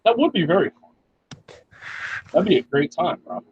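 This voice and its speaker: A man's voice: on the high side, sing-song, moderate pace, husky. A man in crude, slangy banter, swearing heavily and teasing the others. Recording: dull lo-fi sound.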